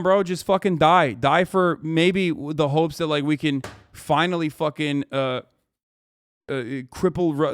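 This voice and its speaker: A man streaming a reaction video rants at his chat, swearing heavily as his anger climbs. His voice sits on the high side, with a clear, resonant tone, and the whole thing is heated, profane livestream commentary.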